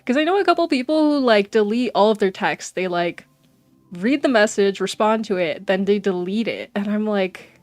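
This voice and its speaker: A woman's voice: medium pitch, expressive, normal speed, a little mellow, no room sound, faint music behind. A young woman streaming, chatting casually and animatedly with her viewers and often saying "bro". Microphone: desk mic.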